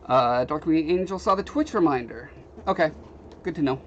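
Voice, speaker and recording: A man's voice: on the high side, moderate pace. A young man livestreaming from a home workshop, casually rambling and reading out viewer comments. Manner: relaxed, rambling, reads viewer comments aloud. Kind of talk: casual chat while working, reading chat. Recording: slightly dull stream audio with faint background noise.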